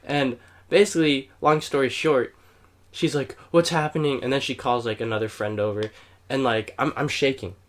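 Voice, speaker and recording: A man's voice: medium pitch, fairly even intonation, normal speed. Young male podcaster, loose rambling storyteller, heavy on fillers and swearing. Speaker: podcast co-host. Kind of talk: casual storytelling. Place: home, playing a video game while recording.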